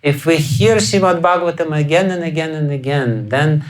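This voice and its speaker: This Russian-accented spiritual teacher lectures on scripture at a normal speed in a lecture hall, his voice on the high side. He chuckles a lot, asks rhetorical questions, and plays out quoted voices with abrupt loud outbursts. It's a rough recording.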